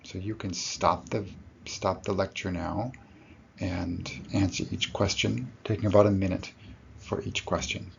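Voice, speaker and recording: A man's voice: low-pitched, fairly even intonation, unhurried, vocal fry, dull audio, a little hiss or hum. A man giving a recorded lecture to his students, explaining step by step and correcting himself as he goes.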